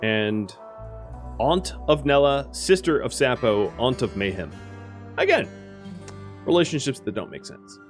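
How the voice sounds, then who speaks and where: A man's voice: mid-range voice, big pitch swings, measured pace, pauses often, faint music behind. A man casually commentating a strategy game, thinking aloud and explaining the rules with frequent fillers. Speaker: gaming video host.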